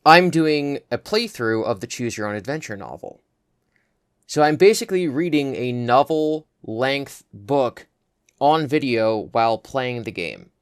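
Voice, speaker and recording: A hoarse young man in his twenties, co-hosting a podcast and telling stories in a chatty way. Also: mid-range voice, no room sound, studio quality. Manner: chatty, tells anecdotes. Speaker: podcast co-host. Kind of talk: casual chat.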